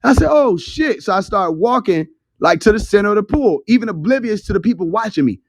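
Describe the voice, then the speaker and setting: A young man hosts an online audio room, speaking on his phone in a high-pitched, expressive voice and talking fast. He tells a story in a loose, chatty, profane manner. The recording is dry and clean, like a studio.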